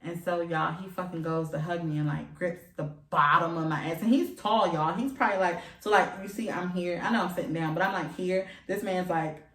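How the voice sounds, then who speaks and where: A woman in her twenties, seated in a room at home, tells her viewers a frank personal story, emphatic and profane. Her lowish, fairly bright voice moves a little fast with hardly any pauses, and the recording is reverberant and distant.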